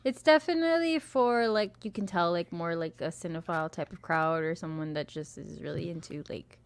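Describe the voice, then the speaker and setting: Animated young woman telling stories. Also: fairly low pitch, brisk, clean tone. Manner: animated storyteller, swears, acts out quotes. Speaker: podcast co-host. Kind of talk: casual chat.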